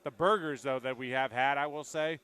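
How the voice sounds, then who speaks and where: A man's voice: mid-range voice, brisk, a bit bright, clean tone. A man hosting a casual sports radio show live from a busy pub, upbeat and talkative. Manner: upbeat, talkative, plugs the bar between sports talk. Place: busy pub, remote broadcast.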